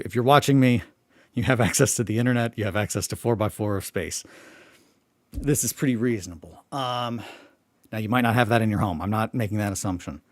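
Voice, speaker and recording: A man's voice: lowish voice, no echo, studio quality. A man who has just woken up, rambling casually about his tabletop hobby, often breaking off and swearing freely. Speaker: hobby vlogger.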